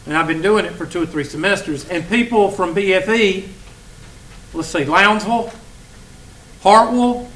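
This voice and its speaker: A man talking to his students, folksy and teasing as he spins a story. His voice is bright and forceful, and there is a faint hiss of background noise in the classroom. He pitches a little higher than most men. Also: normal speed, long pauses, poor audio. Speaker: college math instructor. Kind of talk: casual classroom talk.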